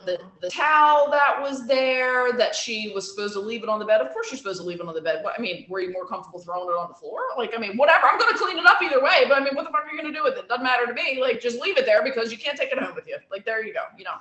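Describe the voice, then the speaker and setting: Bright, blunt woman in a roomy space. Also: on the high side, expressive, very fast, hardly any pauses. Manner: blunt and profane, storytelling with acted quotes. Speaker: salon owner and esthetician. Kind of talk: casual podcast chat. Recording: roomy echo.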